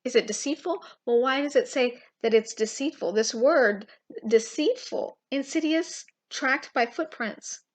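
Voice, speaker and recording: Impassioned woman teaching the Bible, high voice. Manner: impassioned, emphatic, with pauses and restarts. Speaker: Christian teacher.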